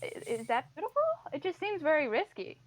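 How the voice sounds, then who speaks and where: Teasing high-voiced woman playing a tabletop game. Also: very animated, fairly quick. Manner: playful, teasing comebacks. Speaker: player. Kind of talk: in-character tabletop play. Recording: dull lo-fi.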